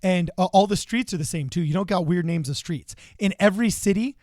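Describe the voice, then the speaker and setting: A man's voice: sits high, a little fast, a little mellow, no room sound, clean studio sound. A man co-hosting a casual political podcast, chatty and storytelling, dropping in Spanish phrases. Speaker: podcast co-host.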